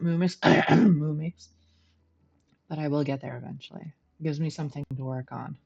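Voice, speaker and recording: Low-voiced chatty woman game streamer. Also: creaky, darkish tone, muffled recording. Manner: chatty, laughs often, self-deprecating. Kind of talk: casual gameplay commentary. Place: at home.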